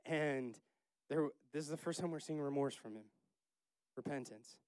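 A man leading a casual Bible study, chatty and laughing, acting out the characters in quick asides. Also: fairly high pitch, darkish tone, clear, resonant tone, no room sound.

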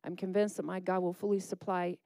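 A woman's voice: lowish voice, little pitch movement, a little fast, mellow, dry recording. A woman preaching a sermon, reading scripture aloud and driving her points home in short, rhythmic, emphatic phrases. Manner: emphatic, rhythmic preaching with call-and-response asides.

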